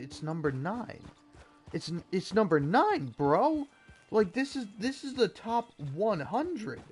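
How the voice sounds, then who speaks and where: A young man giving a sarcastic, profane rant while reading an article aloud. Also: medium pitch. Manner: profane, sarcastic, exasperated ranting. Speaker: gaming video creator. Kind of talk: ranting commentary reading an article.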